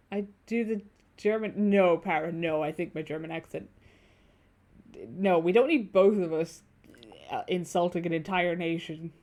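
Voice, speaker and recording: A woman's voice: lowish voice, moderate pace, darkish tone. A woman streamer giving casual game commentary, with joking asides and game text read aloud.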